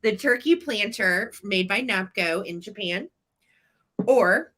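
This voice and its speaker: A woman hosting a live vintage sale stream, chatting enthusiastically as she pitches each item. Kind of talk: live-stream sales chat.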